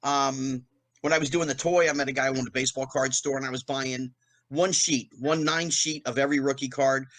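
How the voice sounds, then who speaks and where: Lively man telling a story. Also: dry recording. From New Jersey, US. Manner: fast storytelling with acted-out quotes, rising pitch on punchlines. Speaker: guest, former child actor. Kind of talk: animated anecdote telling.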